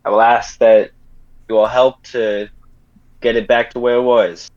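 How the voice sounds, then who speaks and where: A man's voice: mid-range voice, little pitch movement, a little slow, a little mellow, highs cut off, lightly acted. A man playing a commanding male gang boss in a tabletop game, stern and threatening, correcting himself as he goes. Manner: stern, rambling, with self-corrections.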